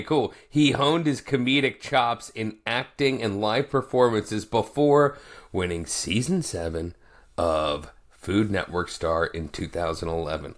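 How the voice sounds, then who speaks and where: Playful man with a lively, low voice. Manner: playful, quick to joke. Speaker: podcast co-host. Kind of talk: casual chat and reading a guest intro.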